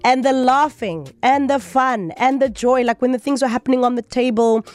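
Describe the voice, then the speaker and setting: A woman's voice: high-pitched, normal speed, a little mellow, dry recording. A woman hosting a radio show, talking in a bubbly, chatty, playful way. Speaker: radio host. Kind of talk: upbeat radio chat.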